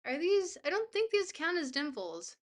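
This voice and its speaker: A woman's voice: extremely high pitch, very animated, moderate pace. A young woman livestreamer chatting casually with her viewers, bubbly, goofy and self-deprecating. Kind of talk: casual chat, reading viewer messages.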